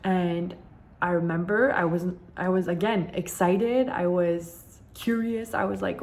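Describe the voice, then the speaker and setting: A woman's voice: lowish voice, steady tone, unhurried, a little mellow. A young woman, vlogging candidly and repeating words for emphasis as she tells a personal story.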